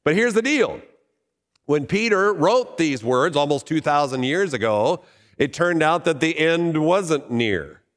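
A man's voice: fairly high pitch, expressive, measured pace, big-room sound. A male pastor giving a sermon in a conversational way, asking his listeners questions. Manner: conversational preaching with rhetorical questions.

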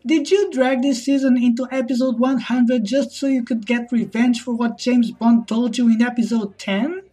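A man putting on an exasperated, scolding intruder with a high voice, recorded in an echoey room. He sounds outraged and incredulous throughout. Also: fairly even intonation, normal speed, dark tone.

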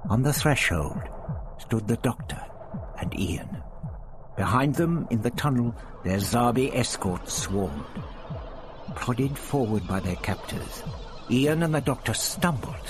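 A man narrating an audiobook in a dramatic, measured storytelling manner. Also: mid-range voice, expressive, noisy background.

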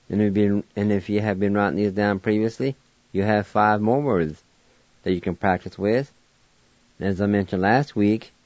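Man, radio language teacher, slow and patient, spells letters, lowish voice, dull lo-fi sound. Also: a little mellow, no echo. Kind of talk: slow spelling and pronunciation lesson.

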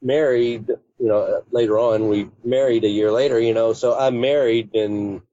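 A man's voice: mid-range voice, steady tone, moderate pace, dark tone, dry recording. A man telling a personal story in a casual, rambling way, with many fillers and restarts. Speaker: interview guest. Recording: dull lo-fi sound.

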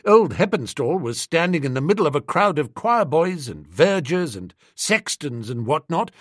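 A man narrating a comic story as an audiobook, in a brisk, animated storytelling manner. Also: on the high side, slightly rough, no room sound, studio quality.

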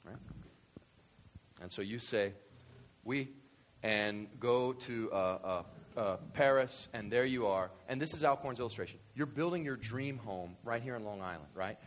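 A man preaching a sermon as pastor, animated, swinging from quiet explanation to loud excited bursts. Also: lowish voice, a little slow.

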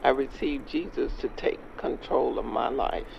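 Gravelly old street preacher, slow and measured, dull lo-fi sound. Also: male voice, medium pitch, steady tone, background noise. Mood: solemn. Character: stern elderly churchgoer preaching to young men. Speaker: elder leading a prayer.

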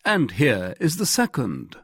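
A man's voice: mid-range voice, huge pitch swings, a bit bright, breathy edge, dry recording, pitched above the performer's own voice, full character voice. A man doing a proud, dry-witted noble musketeer. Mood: gracious. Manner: measured, ironic, formal.

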